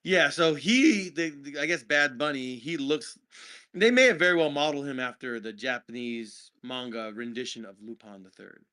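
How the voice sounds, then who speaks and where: A man's voice: medium pitch, moderate pace, bright, forceful tone. A man co-hosting a casual movie review podcast, talking in a rambling, jokey way. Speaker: podcast co-host.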